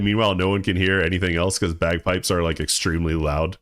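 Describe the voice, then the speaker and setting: Low-voiced laid-back male streamer. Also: flat delivery, normal speed, hardly any pauses, clean tone, no room sound. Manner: laid-back, rambling, stumbles and repeats words. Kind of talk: casual live-stream chat while gaming.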